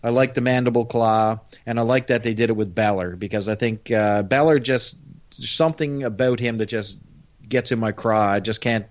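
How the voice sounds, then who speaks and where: A man's voice: fairly low pitch, moderate pace, highs cut off. A man co-hosting a podcast in casual chat, giving emphatic opinions. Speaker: podcast co-host.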